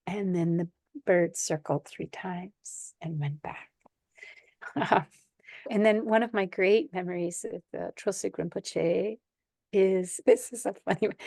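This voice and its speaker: A woman from the United States tells animated stories as a guest, breaking into laughter often. Her voice sits fairly low. The recording is close and dry. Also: takes it slowly, creaky, no echo. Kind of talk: conversational storytelling.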